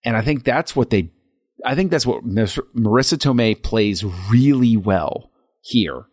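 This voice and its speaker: A man co-hosting a podcast, talking through a film scene in a reflective, halting way with frequent restarts. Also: medium pitch, expressive, darkish tone, no room sound, clean studio sound. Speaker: podcast co-host. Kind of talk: casual film discussion.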